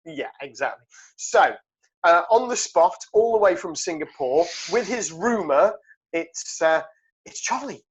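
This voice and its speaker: A man's voice: on the high side, animated, a little slow, a little hiss or hum. A man hosting a podcast, teasing the guest in casual banter. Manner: teasing, jokey. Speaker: podcast host. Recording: dull lo-fi sound.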